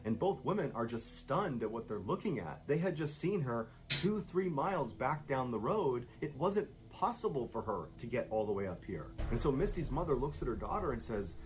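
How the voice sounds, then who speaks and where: Male narrator for spooky story reads, expressive and animated pitch, steady suspense. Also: moderate pace, few pauses, rough recording. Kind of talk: scripted scary story narration.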